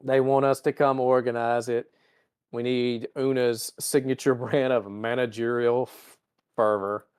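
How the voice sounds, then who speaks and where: Guy on a podcast recapping an episode, quick little character voices, normal pitch. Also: little pitch movement, a little mellow, clear, resonant tone. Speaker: podcast host. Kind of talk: casual recap chat.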